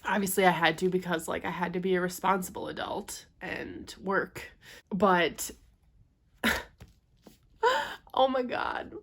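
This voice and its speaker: A young woman chatting at home in a casual book vlog, gushing and excitable. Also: lowish voice. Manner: gushing and excitable, quick to squeal. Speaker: book vlogger.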